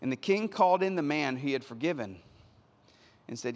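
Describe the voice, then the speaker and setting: A man preaching a sermon as pastor, retelling scripture in an animated, conversational way. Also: a little high, normal speed, pauses often. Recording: long hall reverb.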